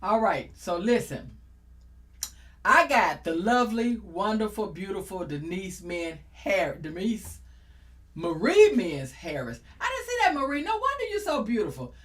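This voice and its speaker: A middle-aged woman hosts a casual talk show. She is exuberant and playful, and her pitch swings up and down as she jokes. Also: sing-song, a little slow. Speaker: host.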